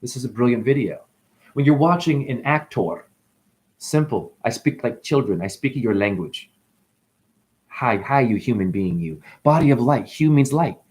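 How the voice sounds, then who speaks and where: A man talking straight to camera in a rambling, animated monologue, swearing and swinging between loud outbursts and muttered asides. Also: mid-range voice. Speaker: vlogger.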